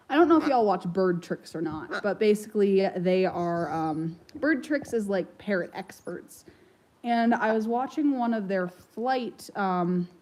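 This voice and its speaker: A woman's voice: medium pitch, a little mellow, low-quality recording. A woman chatting casually about her pet parrot, rambling and slipping into baby talk with the bird. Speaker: parrot owner vlogger. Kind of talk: casual chat.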